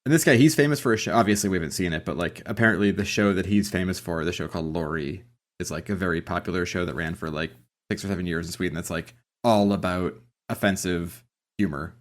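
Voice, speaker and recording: A man co-hosting a podcast, casually explaining background on a sitcom with a relaxed, filler-heavy manner. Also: sits low, quick pace. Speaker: podcast co-host. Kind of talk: casual chat about a sitcom.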